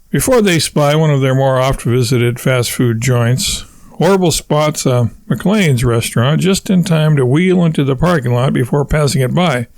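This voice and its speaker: A man's voice: mid-range voice, moderate pace, gravelly, a little mellow, no room sound. Man narrating an audiobook, dry close sound. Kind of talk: scripted narration.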